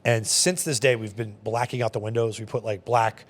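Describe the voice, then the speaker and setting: A man who manages a bar, telling stories in a casual interview, quick and animated with many fillers. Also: on the low side. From Long Island, New York. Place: podcast studio.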